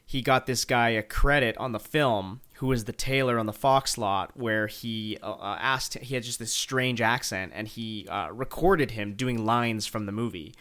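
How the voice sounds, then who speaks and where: A man's voice: medium pitch, moderate pace, hardly any pauses, a bit bright. A man co-hosting a podcast, sharing film trivia with enthusiasm in a casual chat and laughing easily. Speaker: podcast co-host.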